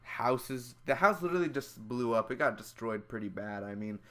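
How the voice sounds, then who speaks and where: A young man giving a casual, loud and excitable spoiler review, full of slang, who acts out the scenes with high squeals and screams. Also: normal speed. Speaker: movie reviewer.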